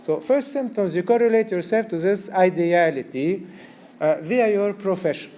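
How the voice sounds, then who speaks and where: Male lecturer, mellow and halting. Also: high-pitched. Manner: discursive, many fillers, checks students follow him. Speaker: art lecturer. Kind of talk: recorded university-style lecture.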